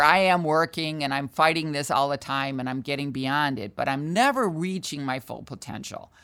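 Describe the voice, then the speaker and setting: An older woman, a sales trainer and guest, telling a candid, self-deprecating story in an animated, conversational way. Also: low voice.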